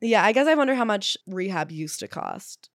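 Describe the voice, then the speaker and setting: Woman, casual podcast chat, gossipy, animated, middle pitch, dry. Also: moderate pace, no room sound. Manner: gossipy, animated, reads quotes aloud. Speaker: podcast co-host. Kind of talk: casual book-discussion chat.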